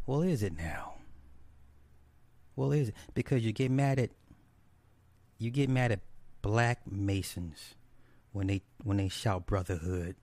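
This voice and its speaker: A man's voice: lowish voice, a little slow, pauses often, darkish tone, no room sound. A man delivering a ranting solo commentary, blunt and scornful, who swears freely and repeats his points for emphasis.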